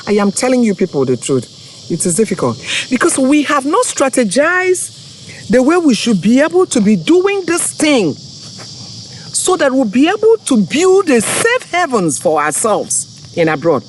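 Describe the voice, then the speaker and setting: A woman's voice: fairly high pitch, sing-song, measured pace, slight background noise. A woman, from Africa, hosting an online forum in an impassioned, tearful monologue, pleading and repeating her points. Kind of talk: impassioned direct-to-camera monologue.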